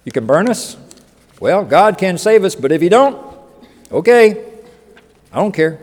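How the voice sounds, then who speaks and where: A man doing calm, defiant young men. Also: high voice, measured pace, in a large hall, full character voice. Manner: blunt, unbothered.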